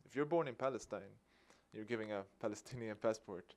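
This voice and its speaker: Speaking a little fast in a lowish voice, the Swedish activist narrates a story at a public talk. He brings the dialogue to life energetically, letting out a chuckle along the way.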